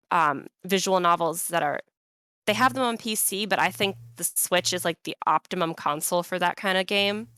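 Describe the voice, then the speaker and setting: A woman's voice: lowish voice, fairly bright tone, clear, resonant tone, no room sound. A woman guest on a podcast, chatting thoughtfully and at length with frequent fillers. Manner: thoughtful, rambling, lots of fillers. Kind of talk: casual chat.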